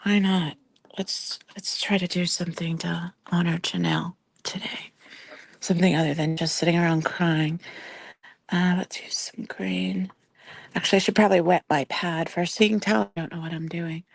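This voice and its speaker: A woman with a hoarse, fading voice, talking softly and often half-whispering during a casual livestream while she paints at her home desk, tearful and grieving. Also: on the low side, fairly even intonation, moderate pace, dry recording.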